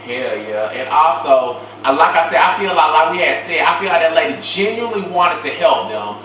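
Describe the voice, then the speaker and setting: A woman's voice: deep voice, animated, brisk, a bit bright. A woman hosting a casual reaction chat with her sister, talking in an emphatic, chatty way with lots of filler. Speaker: show host. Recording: echoey room, mic at distance, faint noise.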